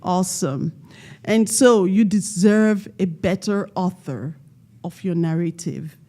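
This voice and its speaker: A woman giving a motivational talk at a community event, quizzing the audience and leading them in call-and-response with slow, emphatic stress on key words. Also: fairly low pitch, mellow. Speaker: panel speaker.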